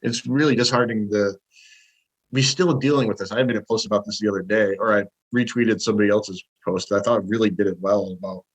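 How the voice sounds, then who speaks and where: A man guesting on a podcast as a movie reviewer, chatting in an animated way and jumping up in pitch when he quotes himself. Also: quick pace, husky, poor audio. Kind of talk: casual podcast chat.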